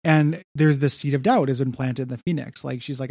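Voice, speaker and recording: Young male podcast co-host, gravelly, dry close sound, rambling casual chat. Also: medium pitch, a little fast, hardly any pauses, darkish tone, no room sound. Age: young adult. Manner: rambling, heavy on fillers. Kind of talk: casual comics discussion.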